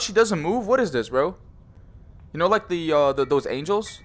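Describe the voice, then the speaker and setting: A man's voice: fairly high pitch, expressive, normal speed, soft background music. A young man commenting on a horror VR game, joking, swearing and teasing, often saying bro. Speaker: gaming YouTuber.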